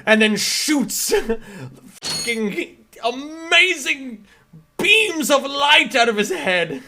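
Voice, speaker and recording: A man streaming gameplay, talking in an excitable, rambling way and laughing often. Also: extremely high pitch, extremely slow, a little hiss or hum. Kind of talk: live gameplay commentary.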